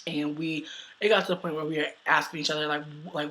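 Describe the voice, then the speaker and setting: Loud, brash young woman telling a story. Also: low-pitched, little pitch movement, quick pace, a little hiss or hum, poor audio. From United States. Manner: loud, brash and profane, laughs often. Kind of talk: casual personal storytelling.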